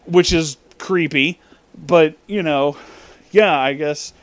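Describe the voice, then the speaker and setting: A man telling a story in a casual, profane rant, breaking into loud disbelieving outbursts. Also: on the high side, slow pace, dry recording. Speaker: storytelling vlogger.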